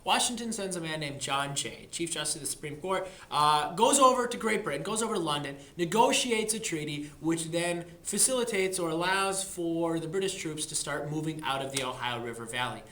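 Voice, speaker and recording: A man giving a casual history lecture, chatty and jokey with plenty of slang. His voice is bright and forward, and the room adds a clear echo. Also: on the high side, a little fast, hardly any pauses. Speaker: history teacher. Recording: echoey room.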